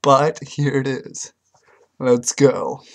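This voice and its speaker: Slow-talking man singing a cappella. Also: medium pitch, little pitch movement, vocal fry. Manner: hesitant, halting speech with fillers; sings unaccompanied, off-the-cuff and earnest. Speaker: amateur songwriter. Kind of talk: homemade comic a cappella love song.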